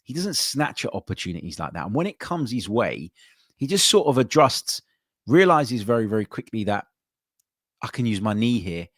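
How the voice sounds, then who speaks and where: A man with a very low voice hosts a live football podcast, talking loosely and filling pauses with plenty of ums and uhs. He reacts to viewer comments as he reads them out. The sound is close and dry, with little room in it. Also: big pitch swings, fairly bright tone, no room sound. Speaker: podcast host.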